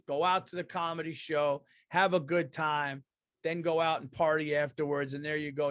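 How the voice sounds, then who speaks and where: A comedian in his thirties hosts a casual solo podcast, rambling and swearing while stuffy from allergies. His voice is on the high side, and the recording is dry with clean studio sound.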